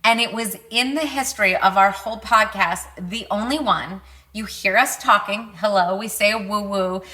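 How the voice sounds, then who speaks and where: A woman co-hosting a podcast, chatting casually and eagerly backing up her partner. Her voice has a mid pitch and a bright tone. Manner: eager, quick to agree and affirm. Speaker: podcast co-host. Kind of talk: casual chat.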